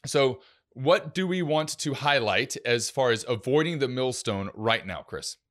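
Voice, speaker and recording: A middle-aged man hosting a casual faith-based parenting podcast, talking in a relaxed, rambling way with many fillers. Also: mid-range voice, measured pace. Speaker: podcast host, youth minister.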